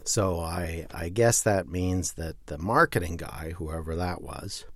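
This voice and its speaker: A man's voice: deep voice, unhurried, fairly bright tone, dry recording. A man hosting a podcast, reading aloud from a zine with wry asides. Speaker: podcast host.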